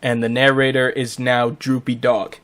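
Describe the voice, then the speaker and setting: A man's voice: medium pitch, flat delivery, fairly bright tone. A man co-hosting a podcast, chatting casually and jokily while playing a game. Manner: jokey, rambling, quick asides. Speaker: podcast co-host.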